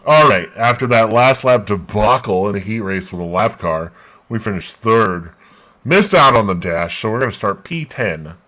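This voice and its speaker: Excitable man commentating a racing game. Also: fairly low pitch, moderate pace, low-quality recording. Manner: excitable, bursts into loud exclamations. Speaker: gaming channel host. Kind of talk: live play-by-play of a racing game.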